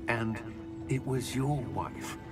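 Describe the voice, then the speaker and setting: A man's voice: mid-range voice, slow pace, natural voice. An actor playing a chatty, chuckling male wizard official with an English accent. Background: game music.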